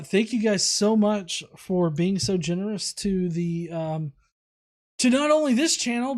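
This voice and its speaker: A man's voice: sits high, darkish tone. A man hosting a livestream, casually reading viewer comments aloud with many fillers and restarts. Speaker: host.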